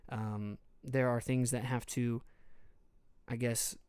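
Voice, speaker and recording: A man's voice: mid-range voice, little pitch movement, slow, darkish tone, clear, resonant tone, no room sound. A man, a youth pastor talking casually in a podcast, rambling and joking as he goes.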